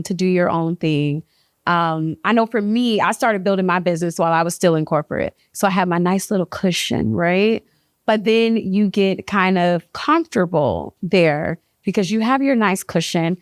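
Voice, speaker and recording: Woman from Florida, audience question, friendly, lowish voice, dry mic. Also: smooth, no room sound. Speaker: audience member asking a question. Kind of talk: question at a panel.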